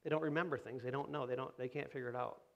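A man's voice: mid-range voice, fairly even intonation, very fast, fairly bright tone, lo-fi sound. A middle-aged man preaching a conversational sermon, asking rhetorical questions and acting out quoted voices. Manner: acts out quoted voices of kids and parents. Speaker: pastor.

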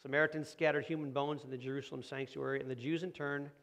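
A man's voice: medium pitch, little pitch movement, quick pace, a bit bright. A middle-aged man preaching a conversational sermon, asking rhetorical questions and acting out quoted voices. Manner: acts out quoted voices of kids and parents. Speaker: pastor.

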